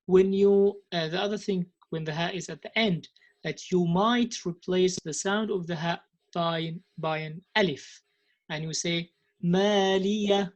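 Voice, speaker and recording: Woman, Tajweed teacher, slightly low voice, unhurried, hesitant explanations with careful sound demonstrations. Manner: slow deliberate demonstrations, frequent hesitations and restarts. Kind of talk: recorded lesson explaining Quranic pronunciation.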